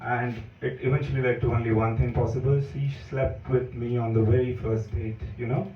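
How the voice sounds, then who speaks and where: Indian man in his thirties doing deadpan stand-up, mid-pitch voice, echoey club mic caught from afar, dull and noisy. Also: moderate pace. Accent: Indian English. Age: 30s. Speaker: stand-up comedian. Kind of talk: stand-up comedy set. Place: comedy club room. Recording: echoey, dull room sound picked up from far off with noise. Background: audience laughter.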